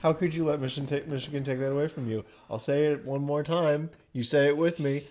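A man's voice: a little high, steady tone, fast, a little mellow. A young man co-hosting a casual podcast, goofy and crude, often mumbling. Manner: goofy, mumbling, silly taunts. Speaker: podcast co-host.

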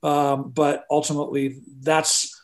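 Man, casual podcast co-host, hesitant with fillers, voice a bit high. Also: flat delivery, unhurried. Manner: hesitant, many fillers and restarts. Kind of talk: casual chat.

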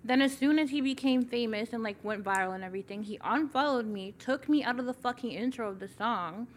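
A woman's voice: a little high, brisk, slight background noise. A woman from Toronto, a guest in a casual interview, talking bluntly with lots of swearing and filler words. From Toronto, Canada. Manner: blunt, profane, filler-heavy.

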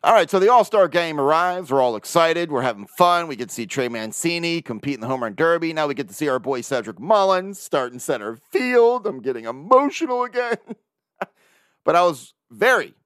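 A man's voice: on the high side, animated, normal speed, fairly bright tone, no echo, clean studio sound. Profane ranting male sports podcaster. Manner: profane, ranting, laughs often. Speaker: podcast host. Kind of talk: casual solo sports talk.

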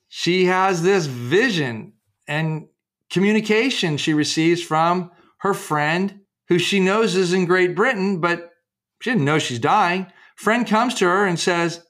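A man's voice: on the high side, fairly bright tone. A man being interviewed about his research and book, telling case stories with many restarts and fillers and acting out the quotes. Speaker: author and researcher, guest.

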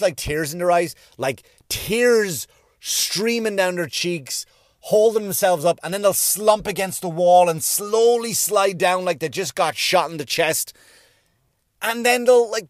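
A man ranting profanely from inside his parked car, often rising to angry shouting. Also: high voice, animated, normal speed, no room sound, clean studio sound. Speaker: podcast host. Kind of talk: profane comedic rant.

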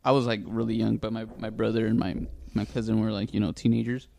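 A man's voice: on the low side, flat delivery, fast, creaky, darkish tone, a little hiss or hum. A man co-hosting a podcast, telling stories in a rambling, casual way with many restarts. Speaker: podcast co-host. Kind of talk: casual chat.

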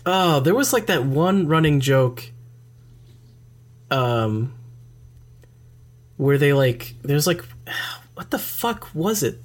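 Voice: mid-range voice, expressive, takes it slowly, long pauses. A podcast co-host in casual chat, joking with dry asides and swearing offhandedly.

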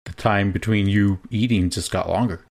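A man's voice: lowish voice, fairly even intonation, moderate pace, gravelly, darkish tone. A young man co-hosting a podcast, chatting casually and rambling a little with restarts. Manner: laid-back, rambling with restarts. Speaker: podcast co-host. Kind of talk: casual chat.

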